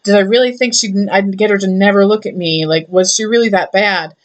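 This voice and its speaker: A woman's voice: mid-range voice, fairly even intonation, brisk, natural voice. A woman voicing a lovesick young male god who talks in a casual, fondly chiding way. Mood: brooding.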